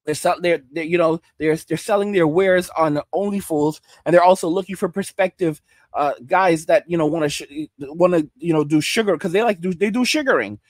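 A man's voice: fairly high pitch, normal speed, no room sound, clean studio sound. A man hosting a podcast, talking in a loose, rambling way, repeating and restarting his phrases and throwing in slang for his listeners. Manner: slangy, addresses listeners as bro and guys. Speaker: podcast host. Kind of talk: casual podcast commentary.

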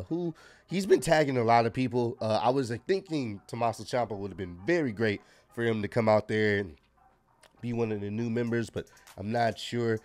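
A man's voice: medium pitch, darkish tone. Laid-back man reviewing wrestling, faint music. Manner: laid-back, frank, many fillers and restarts. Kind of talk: casual solo review talk.

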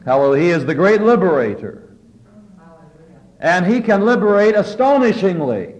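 A middle-aged man preaching a sermon at a chapel service, fervent and building to loud emphatic peaks. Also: high voice, sing-song, moderate pace, poor audio.

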